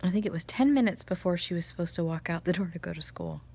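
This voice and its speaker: A mother chatting casually about spiritual energy, telling family stories with animated laughter. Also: on the low side, quick pace, vocal fry. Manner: animated storytelling, laughs often. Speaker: vlogger, mother. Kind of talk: casual chat, spiritual reflection.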